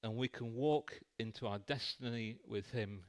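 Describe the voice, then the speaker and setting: A man's voice: medium pitch, normal speed. A man preaching a sermon in a church, telling a light-hearted story.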